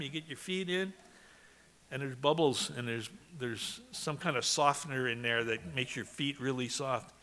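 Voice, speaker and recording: A man's voice: fairly high pitch, bright, forceful tone. A man from Canada giving a eulogy for his brother, telling chatty anecdotes and laughing along. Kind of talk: storytelling eulogy.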